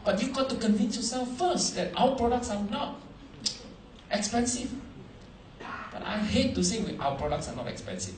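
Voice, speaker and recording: A man giving a seminar talk to a live audience, animated, quizzing the crowd, in broken English phrasing. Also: high voice, moderate pace, pauses often, reverberant, recorded from a distance, background noise. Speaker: motivational speaker at a business seminar.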